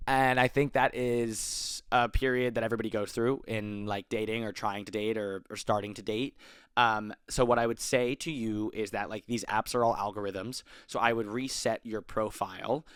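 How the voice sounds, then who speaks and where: A man's voice: medium pitch, clear, resonant tone, no echo, studio quality. A young man in his twenties hosting an advice podcast, talking casually with lots of fillers and self-corrections. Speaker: podcast host.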